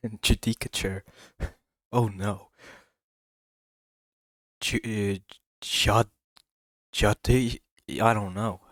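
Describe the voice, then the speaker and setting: A man's voice: lowish voice, drawn-out words, long pauses, no room sound. A man streaming a game, reading its text aloud and reacting with giggles and stumbles. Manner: giggly, excitable, stumbling over words. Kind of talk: casual let's-play commentary. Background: game music.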